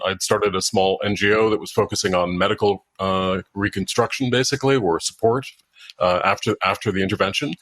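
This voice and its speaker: A man with a deep, low voice answers interview questions slowly, pausing often and restarting his sentences. The sound is dry and close, with no room echo. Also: fairly bright tone. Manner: halting, many fillers and restarts. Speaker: guest, author and former diplomat. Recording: dry sound, breaking up at times.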